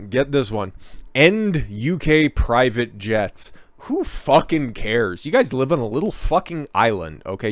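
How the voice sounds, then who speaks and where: A man's voice: on the low side, no room sound. A man hosting a reaction commentary, ranting with heavy profanity and sarcasm. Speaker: commentary channel host.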